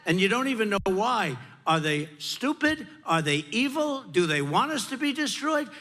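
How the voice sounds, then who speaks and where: Very animated, bright and forceful, the high voice of an older man on the campaign trail moves at a moderate pace. Before a crowd in a large rally venue, he speaks off the cuff into the podium mic, repeating short emphatic lines, and the PA echoes while the crowd stays faint.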